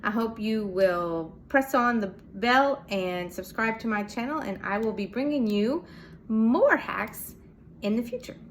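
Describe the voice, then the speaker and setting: A woman's voice: fairly high pitch, expressive, a little slow, slight background noise. An American woman, a Spanish teacher, giving a casual video lesson, explaining step by step, spelling out letters and modeling pronunciations. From United States.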